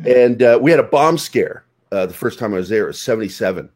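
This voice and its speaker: A man's voice: on the low side, fast talker. A man telling stories in a casual, profane chat. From United States. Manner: profane, animated storyteller.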